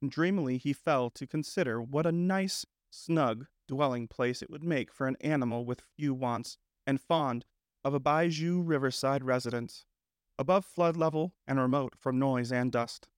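Smooth-voiced man reading a storybook. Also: medium pitch, dry recording, clean studio sound. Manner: measured, gentle, unhurried storytelling. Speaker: audiobook narrator. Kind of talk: scripted storybook narration.

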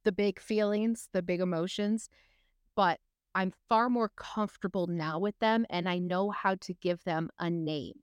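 A woman's voice: fairly low pitch, fairly even intonation, measured pace, clear, resonant tone, dry recording. A middle-aged woman co-hosting a podcast, talking frankly in a casual chat, often hesitating and restarting her sentences. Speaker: podcast co-host.

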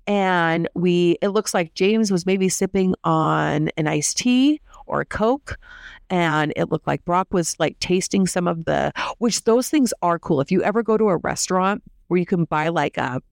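An opinionated recap host rattles through a reality show episode, tossing in snarky asides and quick restarts. The voice has a steady fry running through it. The sound is dry and up close, with no room echo. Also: medium pitch. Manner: chatty, opinionated, fast bursts with restarts; mocking asides and quoted imitations of cast. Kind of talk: casual gossipy episode recap.

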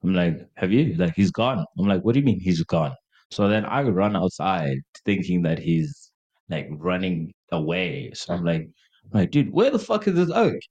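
A man's voice: deep voice, normal speed, slightly rough, muffled recording. Young man telling a wild party story. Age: young adult. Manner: animated, acts out quotes in raised voice, laughs often. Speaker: podcast co-host. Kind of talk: casual storytelling chat.

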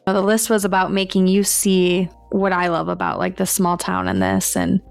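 Gravelly-voiced woman recapping a book casually. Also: lowish voice, flat delivery, normal speed, no echo. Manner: chatty recap full of fillers. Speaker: podcast co-host. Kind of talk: casual book-club chat.

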